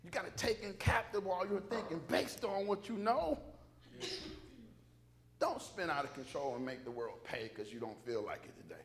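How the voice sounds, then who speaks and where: A man preaching in a church with a strikingly high, bright voice. His pitch leaps around as he hammers points home and jokes with the room. Emphatic, call-and-response delivery. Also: lively intonation, normal speed. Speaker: pastor. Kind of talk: sermon.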